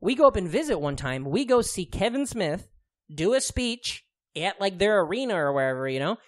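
A man's voice: sits high, big pitch swings, normal speed. A man in his thirties co-hosting a podcast, chatting casually in a rambling, profane way, with lots of fillers and frequent laughs. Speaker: podcast co-host. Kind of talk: casual chat.

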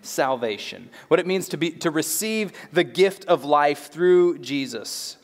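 Male pastor, high voice, earnest and halting sermon delivery, reverberant sanctuary. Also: animated. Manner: earnest, conversational, often repeats words as he restarts. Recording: long hall reverb.

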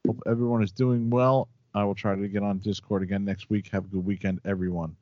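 A man hosting a podcast, casually reading out listener comments in a relaxed, chatty way with hesitant fillers. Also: on the low side, brisk, no echo. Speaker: podcast host. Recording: dull lo-fi dry sound.

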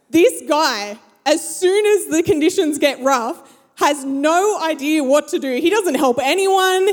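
This is a young woman, speaking high in her range. She tells a story to an audience in a large hall and acts out the people in it. Her voice carries a long reverb from the room. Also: animated, measured pace. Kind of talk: storytelling talk to a live audience.

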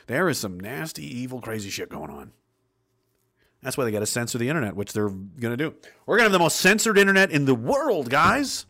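A man hosting a casual livestream, reading viewer messages aloud and ranting, loud at times and mumbling at others. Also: medium pitch, very animated, fairly quick, soft background music.

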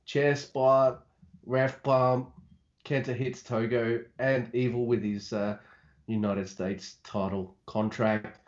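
This male co-host of a casual wrestling podcast speaks slowly in a level, mid-range voice. He's laid-back, recapping matches with dry humor, over slightly dull lo-fi audio.

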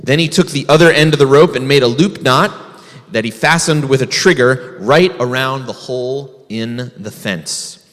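A man's voice: a little high, fairly bright tone, long reverb tail. A man, a rabbi, telling a folk tale to children in a folksy way, asking the kids questions. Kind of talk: storytelling to children.

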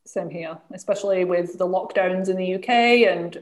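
A woman's voice: lowish voice, moderate pace. A woman hosting a casual interview, friendly and agreeable, asking questions. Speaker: host. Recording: echoey room.

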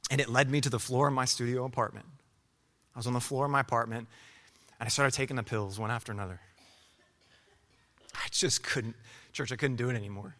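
A young adult man preaching his testimony in a church, halting and repeating words, moving from hushed speech to loud preaching. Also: medium pitch. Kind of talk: sermon testimony. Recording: hall reverb.

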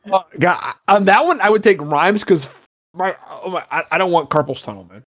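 A man's voice: high-pitched, fairly bright tone, no echo, studio quality. A man hosting a podcast, chatting casually in a rambling, joking way and swearing often. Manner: rambling, swears a lot, jokey asides. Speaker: podcast host.

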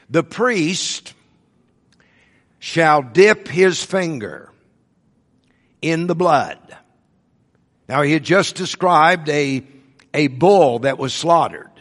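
A man preaching a sermon, teaching slowly and deliberately and stressing key words. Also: a little high, long reverb tail.

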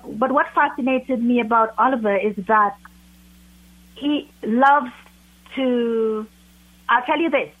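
A woman from Trinidad and Tobago with a British accent, a guest author speaking warmly and earnestly in an interview. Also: a little high. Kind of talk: interview over a phone line. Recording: tinny phone line.

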